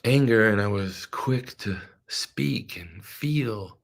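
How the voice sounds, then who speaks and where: A man's voice: on the low side, takes it slowly. Male host, devotional talk, earnest, repeats phrases with preacher-like emphasis.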